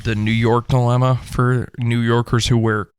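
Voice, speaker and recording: A man's voice: mid-range voice, normal speed, smooth, dry recording, studio quality. A young man co-hosting a casual podcast, telling stories and acting out quotes, swearing freely. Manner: animated storyteller, acts out quotes, swears often. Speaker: podcast co-host. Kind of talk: casual chat among friends.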